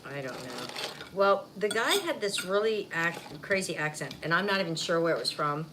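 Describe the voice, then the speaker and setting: A woman's voice: lowish voice, big pitch swings, normal speed, pushed and bright, rough recording. A woman vlogger chatting casually while eating on camera, rambling and laughing easily. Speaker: mukbang vlogger. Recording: faint background noise.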